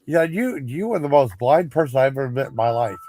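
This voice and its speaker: A man's voice: medium pitch, animated, a little fast, dark tone. A man telling a rambling story on a live stream, frustrated and cursing freely as he goes. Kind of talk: casual storytelling chat.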